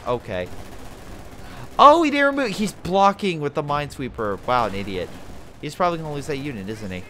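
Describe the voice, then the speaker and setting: Male game caster, average pitch, very lively delivery, casual and profane. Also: a little hiss or hum. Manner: animated, swears, talks to the players. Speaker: game commentator. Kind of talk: casual gameplay commentary.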